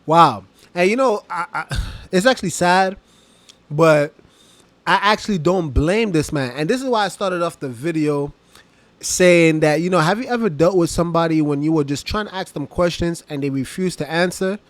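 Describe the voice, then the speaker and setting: High-pitched man ranting in dry close sound. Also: normal speed, no echo. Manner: animated, laughs and mocks while ranting. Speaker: reaction commentator. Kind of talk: casual reaction commentary.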